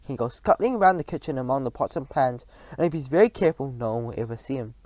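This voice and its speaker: A man's voice: mid-range voice, expressive, quick pace, darkish tone, no room sound, natural voice. A man reading a storybook aloud, voicing a clever young boy turned into a mouse who speaks eagerly and earnestly.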